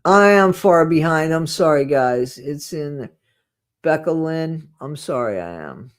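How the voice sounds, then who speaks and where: A livestream host reading viewer comments in a casual chat, blunt and full of restarts, swinging between quiet mumbling and loud ranting. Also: mid-range voice, lively intonation, measured pace.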